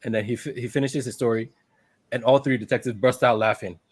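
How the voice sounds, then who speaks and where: A man's voice: medium pitch, fairly even intonation, a little fast, breathy edge, no room sound. A man co-hosting a podcast, casually retelling a film's plot, quoting characters and laughing often. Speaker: podcast co-host. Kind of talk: casual movie recap.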